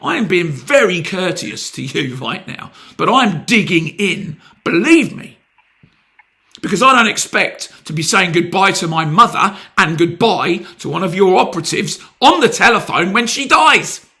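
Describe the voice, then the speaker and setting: Gravelly British man pressing a complaint. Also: sits high, big pitch swings, moderate pace, bright, forceful tone. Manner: sarcastic, pressing, blunt. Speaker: complaining customer. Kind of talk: heated phone complaint.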